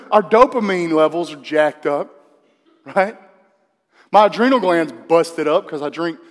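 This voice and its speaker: High-voiced pastor preaching in a hall. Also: male voice. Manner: conversational preaching, asks the congregation questions. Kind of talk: sermon. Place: church sanctuary. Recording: long hall reverb.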